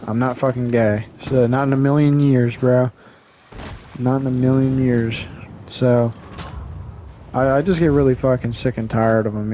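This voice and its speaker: Male vlogger, mid-pitched, loose and foul-mouthed rant delivery, rambling with restarts. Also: a little mellow, a little hiss or hum. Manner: profane, rambling, blunt. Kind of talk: casual rant to camera.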